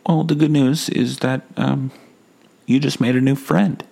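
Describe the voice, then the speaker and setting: A man's voice: mid-range voice, steady tone, unhurried, gravelly, darkish tone, breathy edge, pitched above the performer's own voice. A man voicing a pushy male stranger who nags and then turns threatening, in an improvised story. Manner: insistent, nosy, then threatening.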